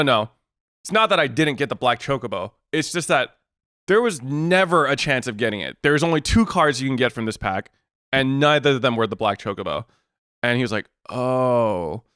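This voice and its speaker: A man co-hosting a podcast retells a frustrating story in casual chat, switching between voices for each side of the exchange. He swears freely and sounds exasperated. His voice sits at an ordinary pitch and the recording is close and dry, with no room echo. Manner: animated retelling, acts out both sides of the exchange. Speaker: podcast co-host.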